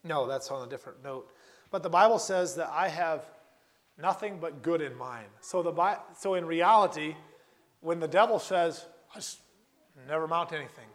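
Earnest preacher man, slightly high voice. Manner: earnest, repeats phrases for emphasis, slows on key words. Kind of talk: sermon.

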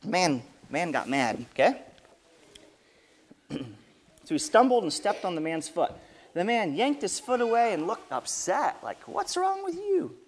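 Lively man reading to kids. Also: sits high, unhurried, long pauses. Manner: lively, asks the kids questions. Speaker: children's storyteller. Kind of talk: reading a story to children.

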